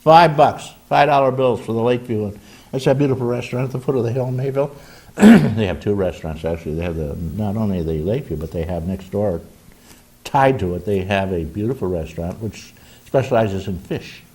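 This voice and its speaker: A man's voice: on the low side, fairly quick, a little mellow. An older man hosting a community call-in talk show, chatting in a joking, folksy way with frequent restarts. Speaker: host.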